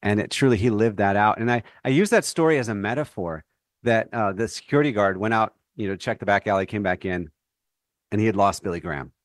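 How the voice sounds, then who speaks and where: A man's voice: on the low side, brisk, no echo, studio quality. A man speaking as an author guest in a faith radio interview, earnest and thoughtful, sometimes restarting his phrases.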